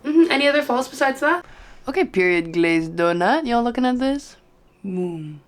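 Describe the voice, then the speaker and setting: A young Australian vlogger, tired but very animated, chats and jokes with viewers late at night at home in a casual study vlog. Her voice is fairly high and her pace is normal.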